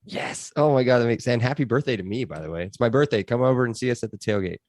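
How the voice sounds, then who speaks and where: A man's voice: medium pitch, quick pace, darkish tone, no echo, studio quality. A man hosting a casual sports podcast, chatty and loose with lots of fillers. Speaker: podcast host.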